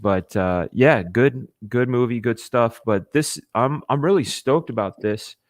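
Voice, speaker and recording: A man hosting a casual livestream, talking with eager enthusiasm and halting restarts, sometimes with his mouth full. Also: mid-range voice, no echo, studio quality. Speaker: livestream host.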